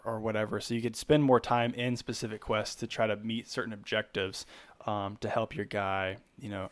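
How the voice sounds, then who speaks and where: Relaxed rambling podcast man, dry sound. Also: lowish voice, no room sound. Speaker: podcast co-host. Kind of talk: casual chat.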